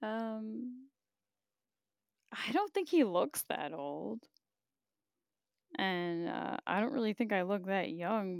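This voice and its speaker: A woman's voice: mid-range voice, gravelly, clean tone, no echo, studio quality. A woman hosting a podcast live, chatting casually and candidly, reading viewer comments with frequent laughs and profanity. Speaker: podcast host.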